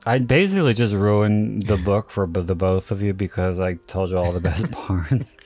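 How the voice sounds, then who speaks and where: A man's voice: deep voice, normal speed, a little mellow, no room sound. A man hosting a podcast, telling stories in a casual chat and laughing often as he goes. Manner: chatty storyteller, laughs often. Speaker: podcast host.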